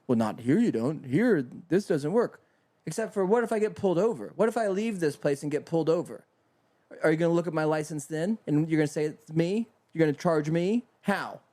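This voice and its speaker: A man's voice: fairly high pitch, fast talker, dark tone. A man co-hosting a casual talk show, ranting heatedly and profanely. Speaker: podcast co-host. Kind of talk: casual comedic rant.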